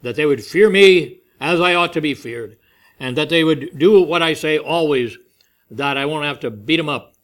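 A man's voice: on the high side, normal speed, fairly bright tone. A man preaching a sermon, telling a family story and acting out the voices he quotes.

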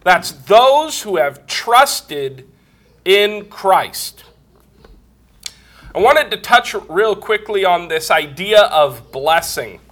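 Guy preaching slow with a cold, coughs now and then, bright kinda high voice, picks apart grammar. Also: big pitch swings. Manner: slow, deliberate, explains grammar step by step. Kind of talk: Bible teaching sermon.

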